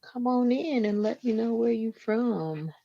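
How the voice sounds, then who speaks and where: A woman's voice: on the high side, a little slow, vocal fry, no room sound. A woman hosting a casual livestream, chatting with viewers and greeting them by name, her voice a bit stuffy as if catching a cold. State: slightly stuffy, sounding like a cold. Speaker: livestream host. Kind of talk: casual live chat with viewers. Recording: dull lo-fi stream audio with faint noise.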